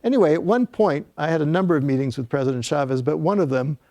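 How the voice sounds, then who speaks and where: A man's voice: fairly high pitch, fast, a little mellow, no room sound. An older man giving a talk as an author, telling an anecdote in a storytelling lecture style with frequent fillers and restarts.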